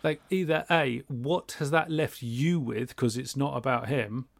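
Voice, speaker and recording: A man in casual podcast chat, animated, acting out little imagined exchanges. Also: mid-range voice, measured pace, vocal fry, dry recording. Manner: animated, acts out imagined dialogue with mock voices.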